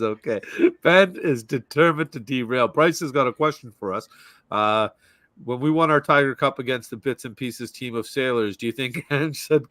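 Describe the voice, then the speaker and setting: A man's voice: mid-range voice, normal speed, fairly bright tone, no room sound. A man hosting a casual football chat, joking, laughing easily, and reading out viewer comments.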